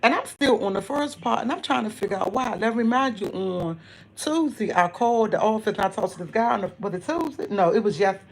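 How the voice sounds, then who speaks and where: A woman's voice: mid-range voice, expressive, a little fast, vocal fry, slight background noise. Chatty woman hosting a casual live stream. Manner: chatty, greets viewers by name and reads comments aloud; rambling storytelling with many restarts.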